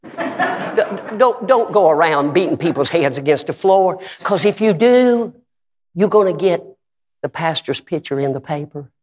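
A man preaching a sermon, telling stories with acted-out quotes and rising at times to shouts. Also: on the high side, moderate pace, big-room sound. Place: church sanctuary.

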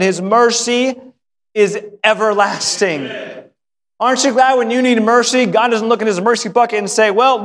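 A male pastor preaching a sermon, telling a story with lively acted voices and repeating words when excited. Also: sits high. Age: adult, married. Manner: animated storytelling, acting out voices of the father and son. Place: church sanctuary. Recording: hall reverb.

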